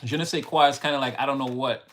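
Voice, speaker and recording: A man's voice: medium pitch, fairly even intonation, quick pace, fairly bright tone. A man from Canada with a Montreal accent, chatting casually to a live audience, laughing often and switching between English and French. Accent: Montreal Quebec. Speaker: livestream host.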